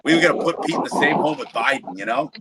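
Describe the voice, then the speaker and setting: Speaking at a quick pace in a mid-range voice over heavy background noise, a man on a livestream panel tells stories in casual chat from his East Coast home. He's an animated storyteller, acting out what people said and swearing freely.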